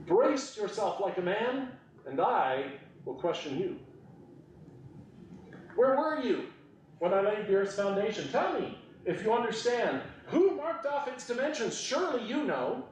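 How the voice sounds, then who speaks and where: A man voicing God speaking out of a storm, mighty and questioning, with slowed, emphatic delivery. The sound is roomy and heard from some distance. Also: high voice, sing-song, slight background noise, voice pushed up. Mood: commanding. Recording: echoey room, mic at a distance.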